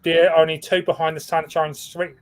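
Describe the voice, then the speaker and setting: A man's voice: on the high side, level tone, normal speed. A man co-hosting a casual livestream over a video call, talking through team standings and stumbling over names. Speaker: co-host reading team standings.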